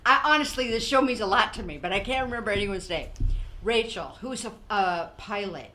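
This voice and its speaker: On her podcast, an older woman with a mid-range voice talks a little fast in a casual chat. She's an animated storyteller who acts out what others said and laughs a lot.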